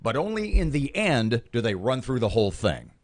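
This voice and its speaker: A man's voice: medium pitch, very animated, moderate pace. A male morning radio host, telling a rambling story in casual chat on air. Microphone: studio microphone.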